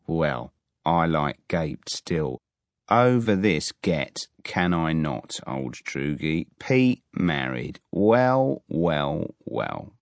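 Male audiobook narrator, wry first-person read, slow, dry booth. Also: a bass voice, very animated, creaky, no echo.

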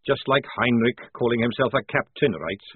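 A man's voice: medium pitch, expressive, normal speed, a little hiss or hum, natural voice. A man doing a sly old army sergeant. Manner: sly, conspiratorial, folksy soldier talk. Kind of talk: audiobook character voice. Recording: tinny, dry, phone-like sound.

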